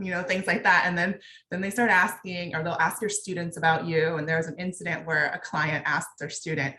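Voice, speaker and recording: A woman's voice: fairly low pitch, flat delivery, brisk, sharp tone. Candid young woman in an echoey room. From Texas. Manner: candid, conversational, many fillers. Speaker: veterinarian panelist. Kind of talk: panel discussion, personal account.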